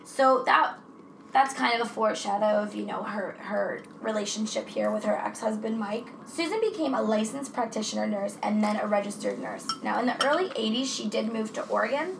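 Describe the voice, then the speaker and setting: Brisk and gravelly, this woman's fairly high voice carries a relaxed true-crime podcast she co-hosts. She curses without restraint and keeps things chatty. An echoey room with low noise surrounds her.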